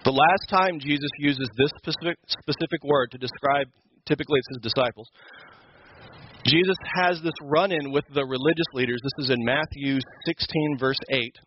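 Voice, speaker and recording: A man's voice: a little high, moderate pace, lo-fi sound, a little hiss or hum. A man teaching a Sunday school lesson, explaining scripture in an emphatic, conversational way. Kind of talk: Bible teaching.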